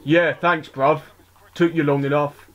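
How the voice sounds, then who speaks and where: A man's voice: on the high side, steady tone, unhurried, highs cut off, lightly acted. A man doing a swaggering Southern English lad in noisy game chat. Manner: boastful, swaggering, drops bruv and innit constantly. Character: cocky young male wannabe tough-guy gamer.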